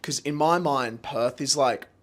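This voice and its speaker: A man's voice: mid-range voice, unhurried. A man co-hosting a podcast, blunt and a bit riled up as he rants in casual chat. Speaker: podcast co-host.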